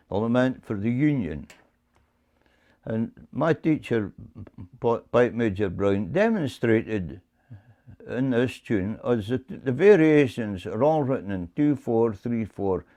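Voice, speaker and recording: A man teaching bagpipe music, explaining in a measured way and often repeating words as he goes. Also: mid-range voice, warm tone. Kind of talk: explaining to camera.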